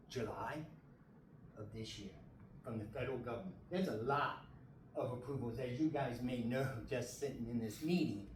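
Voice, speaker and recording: A middle-aged or older resident speaking at a city meeting's public comment, emotional and indignant, halting and restarting, close to tears. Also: mid-range voice, darkish tone, a little hiss or hum. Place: council meeting hall. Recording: echoey hall, distant mic, faint ambience.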